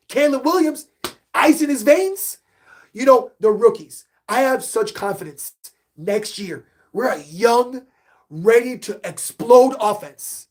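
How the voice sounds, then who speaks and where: A middle-aged man hosting a live sports podcast stream, reading chat questions aloud and getting hyped up. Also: very high voice. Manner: animated, hypes himself up, reads chat questions aloud.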